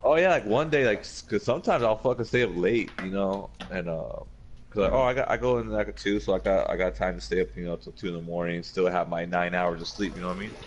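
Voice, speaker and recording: Laid-back low-voiced man telling stories. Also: fast talker, dull audio, a little hiss or hum. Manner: profane, laughing, acts out quoted friends. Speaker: podcast host. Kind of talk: casual chat, storytelling.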